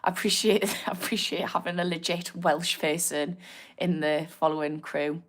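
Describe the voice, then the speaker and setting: A woman's voice: lowish voice, steady tone, normal speed. Chatty Geordie woman hosting a livestream. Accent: Newcastle (Geordie). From north of England. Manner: chatty and encouraging, laughs often, swears casually. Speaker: addiction therapist hosting a livestream. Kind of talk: casual livestream chat, reading out viewer comments.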